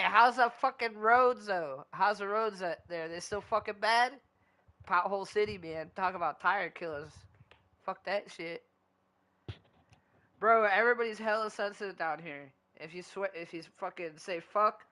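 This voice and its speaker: A man talks to his stream while he plays, rambling from one gripe to the next and swearing in nearly every sentence. His voice is bright and forward. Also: high-pitched. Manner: profane, loose and rambling. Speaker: gaming streamer. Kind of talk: casual chat while gaming.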